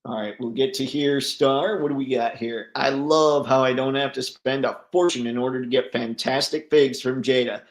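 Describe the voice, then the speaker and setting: A man hosts a casual livestream, reading out viewer comments and answering them in a loose, chatty way. He laughs easily and his voice sits at an ordinary middle pitch. The room around him is roomy and echoey. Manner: chatty, laughs often, reads comments aloud. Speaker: livestream host reading chat. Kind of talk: casual live chat.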